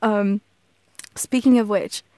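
A woman's voice: mid-range voice, steady tone, takes it slowly, warm tone, no echo. A woman from Texas with a Southern accent, chatting casually and goofily in a solo audio, laughing often and swearing casually. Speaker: audio creator.

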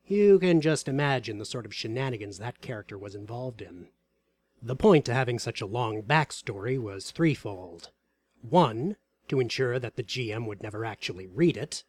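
A man reading aloud a story about a tabletop game session in a wry, deadpan way. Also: mid-range voice, moderate pace, husky.

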